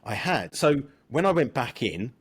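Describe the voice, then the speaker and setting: A man's voice: medium pitch, sing-song, moderate pace, slight background noise. A man hosting a podcast, telling a personal story in an earnest, conversational way. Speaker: podcast host. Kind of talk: casual conversation.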